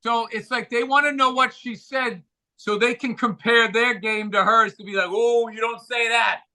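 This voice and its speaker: A male podcast co-host with a high, bright, forceful voice. He rants bluntly in casual comedic chat and swears freely. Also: fairly even intonation, moderate pace, dry recording, low-quality recording. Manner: blunt, ranting, profane.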